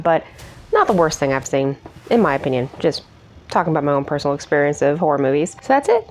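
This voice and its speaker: Chatty woman reviewing horror movies. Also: on the low side. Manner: chatty, self-mocking, laughs at her own jokes. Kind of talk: casual movie review commentary.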